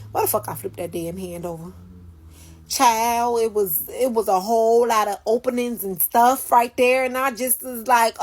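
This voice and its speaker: A woman telling a story from her work night in a casual, profane and emphatic way, talking into a phone she holds. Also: medium pitch. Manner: profane, emphatic, dramatic retelling.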